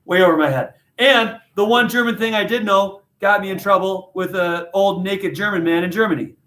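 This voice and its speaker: Joking teacher, echoey classroom. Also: male voice, high voice, moderate pace. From United States. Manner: jokey, animated, self-deprecating. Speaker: high school literature teacher. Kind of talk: classroom discussion and storytelling.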